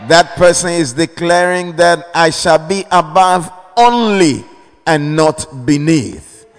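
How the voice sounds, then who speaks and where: Slow preacher in a reverberant hall. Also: male voice, on the high side, smooth. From Ghana. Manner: slow, deliberate, repeats key phrases, calls for amens. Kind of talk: sermon. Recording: long reverb of a large hall.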